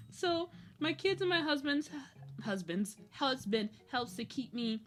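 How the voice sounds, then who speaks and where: A woman's voice: high voice, animated, unhurried. A young adult woman chatting casually on her art livestream, laughing often with nervous, giggly energy. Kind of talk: casual chat while drawing.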